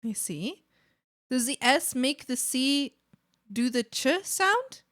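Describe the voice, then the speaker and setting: A woman streaming live, chatting casually with her viewers while she draws. She talks in a rambling way, full of fillers, self-deprecating and quick to get excited. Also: high-pitched. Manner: excitable, bursts into giggles.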